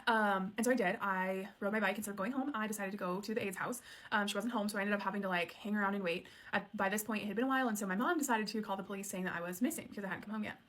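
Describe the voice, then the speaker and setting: A woman's voice: mid-range voice, steady tone, racing, fairly bright tone. A woman in her late twenties telling a personal story in a candid, casual way, full of "um" and "like". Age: late 20s. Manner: candid, conversational, many "um" and "like" fillers. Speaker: storyteller sharing her childhood.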